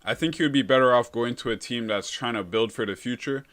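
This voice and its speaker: A young man hosts a relaxed live stream, answering viewer comments in loose, easygoing chat. His pitch sits in a normal middle range for a man. He talks in a laid-back way and drops "bro" into almost every thought. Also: quick pace. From Canada.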